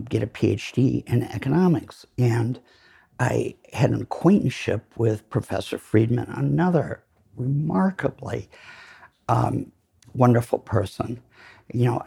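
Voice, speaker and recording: A man's voice: medium pitch, creaky, dark tone, slightly rough. An older man giving a lecture, telling rambling, self-deprecating anecdotes full of fillers. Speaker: lecture speaker. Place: lecture hall.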